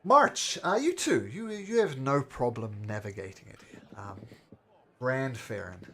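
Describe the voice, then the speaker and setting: A man running a tabletop game as game master, chatty and quick to laugh, often restarting his sentences. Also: mid-range voice, lively intonation, bright, forceful tone, breathy edge.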